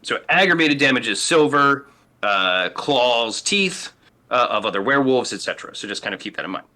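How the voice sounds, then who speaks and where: A man's voice: mid-range voice, big pitch swings, normal speed, pushed and bright. A man acting as game master, patiently explaining the rules of a tabletop role-playing game with plenty of fillers.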